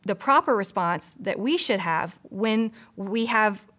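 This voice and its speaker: A woman's voice: mid-range voice, lively intonation, slow pace, a bit bright. Eager woman giving a devotional talk. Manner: earnest and enthusiastic, with frequent "you know" asides. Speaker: church pastor or staff member. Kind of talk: conversational devotional teaching.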